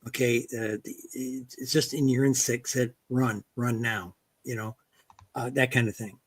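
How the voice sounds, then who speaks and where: Man, casual interview, halting delivery full of fillers, dry remote call sound. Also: medium pitch, fairly even intonation, husky, dry recording. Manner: halting, many fillers and restarts.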